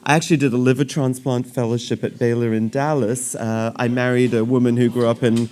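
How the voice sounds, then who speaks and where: A man's voice: mid-range voice, flat delivery, brisk, darkish tone, a little hiss or hum. A middle-aged man from Sri Lanka, a surgeon speaking to an audience in a light-hearted, conversational way with self-deprecating jokes.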